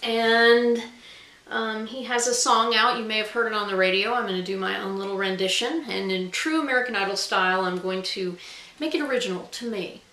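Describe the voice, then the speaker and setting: Bright-voiced woman vlogging in an echoey room. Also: mid-range voice, steady tone, brisk. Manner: chatty and self-deprecating, with frequent ums. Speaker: author and guest vlogger. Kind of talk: casual talking-to-camera vlog.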